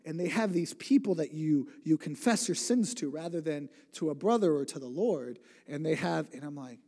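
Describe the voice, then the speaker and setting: A man's voice: fairly high pitch, lively intonation, normal speed, warm tone. Chatty young man preaching in echoey hall. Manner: rambling, self-interrupting, conversational with humor. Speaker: church speaker. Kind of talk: sermon storytelling. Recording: long hall reverb.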